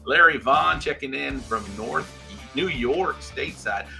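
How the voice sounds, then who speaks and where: A man hosting a livestream show, chatting casually and reading out viewer shout-outs. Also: medium pitch, vocal fry, soft background music. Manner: reads out viewer names in quick shout-outs.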